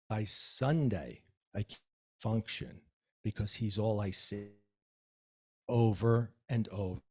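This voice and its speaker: A man, an author guest, telling a personal story in an interview with lively, acted-out dialogue. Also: lowish voice, gravelly. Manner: animated storyteller, acts out dialogue.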